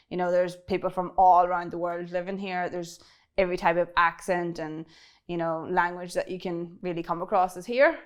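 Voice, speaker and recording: Fast-talking Northern Irish woman. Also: on the low side, clean tone. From Northern Ireland, County Tyrone. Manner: quick-talking, laughs often, many fillers. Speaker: interview guest, cybersecurity expert. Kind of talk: casual interview chat.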